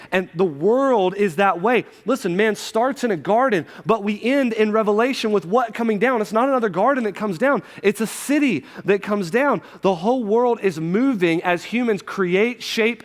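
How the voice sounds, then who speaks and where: A man in his thirties preaching a sermon to his church, conversational, with quick asides and frequent restarts. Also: high-pitched. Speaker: pastor. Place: church sanctuary. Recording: long hall reverb from a church.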